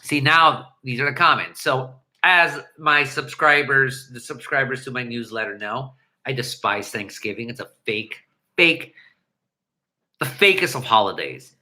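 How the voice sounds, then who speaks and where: A man hosting a livestream, ranting in an animated, profane way into a headset mic. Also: medium pitch, a little slow, low-quality recording. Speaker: livestream host. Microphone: headset earpiece mic.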